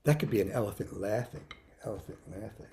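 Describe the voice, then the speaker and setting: Against a noisy background, a man with a lowish voice and quick pace leads little kids through music, loudly counting beats, then switching to gentle prompts and repeating words with patience.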